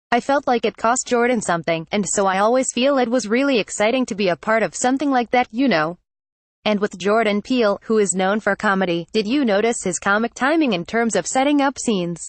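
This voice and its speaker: A text-to-speech woman's voice reading a news article aloud in an even, machine-read delivery. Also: medium pitch, no room sound. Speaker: article reader.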